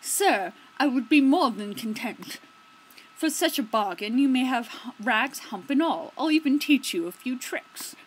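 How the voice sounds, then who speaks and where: A woman voicing a humble old male beggar who speaks in a fawning, drawn-out way. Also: high voice, expressive, husky, pitched above the performer's own voice, full character voice, poor audio.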